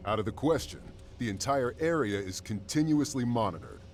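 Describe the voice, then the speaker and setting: A man's voice: mid-range voice, animated, fairly quick, slight background noise, lightly acted. An actor voicing a curt, defensive male guard in a game. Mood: firm. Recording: game audio with music behind. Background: music.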